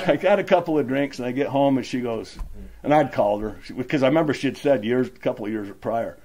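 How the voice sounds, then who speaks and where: A man's voice: medium pitch, expressive, fast talker, a little mellow. A middle-aged man from Utah telling his recovery story at a meeting, rambling and acting out the dialogue. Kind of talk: personal recovery story, casual.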